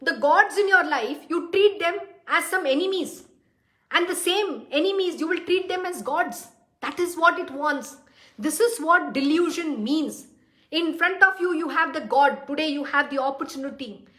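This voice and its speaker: A high-pitched woman delivers a devotional discourse, speaking bluntly and firing rhetorical questions at her listeners. Her voice rings in a roomy, echoing space. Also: moderate pace, sharp tone. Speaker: spiritual teacher. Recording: roomy echo.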